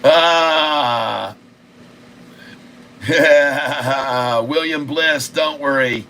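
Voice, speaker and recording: Male stream host, bright voice, slow drawn-out delivery, excitable and repetitive, faint hum behind. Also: mid-range voice. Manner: excitable, repetitive, crude jokes, loud outbursts. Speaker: day-trading livestream host. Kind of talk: casual live stock-trading stream.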